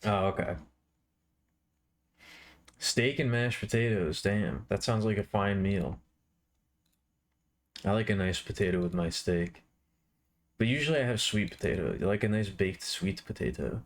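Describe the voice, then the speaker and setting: A man's voice: lowish voice, a little slow, long pauses. A man streaming live while he draws, chatting casually and playfully with viewers. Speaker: art streamer.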